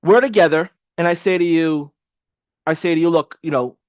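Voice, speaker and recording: A man with a high voice leads an online training with casual, energetic coaching and repeats points for emphasis. The sound is dry and a little dull, like a lo-fi webcam mic. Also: moderate pace, no room sound. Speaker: webinar coach.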